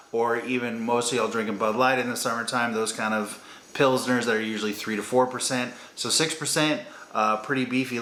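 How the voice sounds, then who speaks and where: A man's voice: medium pitch, pushed and bright. A man giving a chatty, rambling, upbeat beer-tasting review. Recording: roomy echo.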